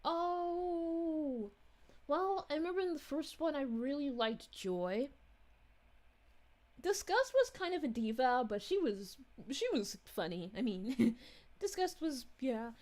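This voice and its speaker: A woman's voice: high-pitched, lively intonation, slow, darkish tone. A woman voicing a cheerful, motherly space princess, reading live-stream chat in character with bubbly, giggly, gushing thanks.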